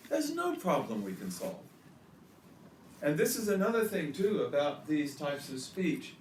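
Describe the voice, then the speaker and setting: A man's voice: on the high side, a little mellow, reverberant, far from the mic, slight background noise. A man giving an earnest religious lecture, telling stories and weaving in Arabic terms. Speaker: Islamic lecturer.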